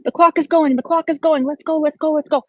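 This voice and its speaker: A woman mimicking a pushy livestream seller who shouts repetitive urging to bid. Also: high-pitched, fairly even intonation, fast, no echo, highs cut off, pitched above the performer's own voice. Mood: frantic hype.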